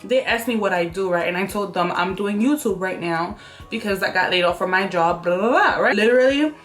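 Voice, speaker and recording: A young woman telling viewers a story in a casual vlog at home, animated and chatty, acting out what people said to her. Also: mid-range voice, a little fast. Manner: animated, talks straight to viewers, acts out quotes. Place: room at home by an open window.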